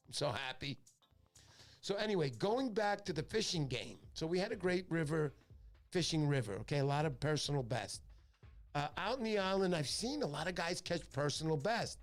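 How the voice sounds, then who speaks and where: A man's voice: on the high side, lively intonation, moderate pace, soft background music. A middle-aged man, hosting a fishing livestream in casual chat, joking and rambling through his stories. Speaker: fishing show host.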